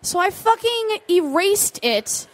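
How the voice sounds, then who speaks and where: A woman's voice: extremely high pitch, big pitch swings, takes it slowly. A woman in her thirties co-hosting a live podcast, bubbly and laughing as she tells stories. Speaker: podcast co-host. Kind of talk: live podcast banter before an audience.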